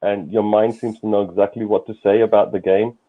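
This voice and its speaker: A man signs off from a fan livestream, courteous and prone to repeating himself. His voice is fairly low. It comes through a narrow, phone-like call line. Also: flat delivery, brisk. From London. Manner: warm, courteous sign-off, repeats words. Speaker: guest on a fan stream. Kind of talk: casual livestream chat. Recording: tinny phone-like call audio.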